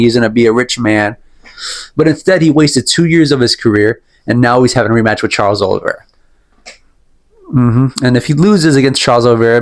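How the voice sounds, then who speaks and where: A young man giving a casual, rambling opinion rant about fighters, emphatic and repetitive, often restating his point. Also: medium pitch. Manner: rambling, emphatic, repeats himself, sips tea while talking. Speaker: MMA commentary vlogger.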